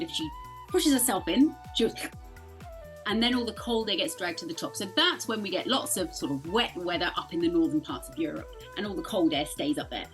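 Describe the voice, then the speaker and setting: Chatty British woman explaining weather. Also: mid-range voice. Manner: lively, chatty, playful. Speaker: weather presenter. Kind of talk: casual explainer chat.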